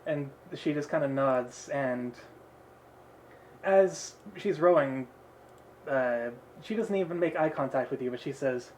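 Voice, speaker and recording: A man narrating a tabletop game as game master, relaxed and laughing often, with many fillers. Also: mid-range voice, measured pace, slight background noise, poor audio.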